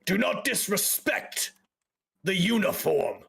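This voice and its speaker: A man's voice: high voice, lively intonation, slow pace, gravelly, a bit bright, pitched above the performer's own voice, full character voice. Man doing a stern guard captain. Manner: curt, commanding.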